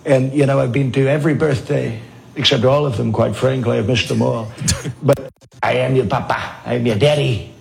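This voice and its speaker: A man's voice: medium pitch, fairly even intonation, moderate pace, vocal fry. A man doing a comedy impression of a boastful, rambling villain father.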